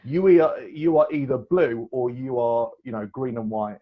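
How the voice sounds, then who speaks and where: A man, telling stories as a guest in a casual chat, animated and rambling, laughing often. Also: medium pitch, moderate pace. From England. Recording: dull lo-fi recording.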